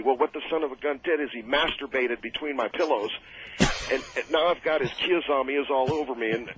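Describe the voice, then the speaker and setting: A man telling road stories as a guest on a radio show, rambling and animated, laughing at his own tales. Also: medium pitch, slightly rough. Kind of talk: casual radio interview storytelling. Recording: muffled old radio broadcast.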